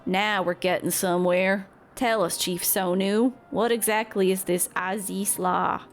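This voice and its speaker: A woman's voice: mid-range voice, steady tone, measured pace, natural voice. A woman voicing an earnest young male scholar with formal, old-fashioned wording.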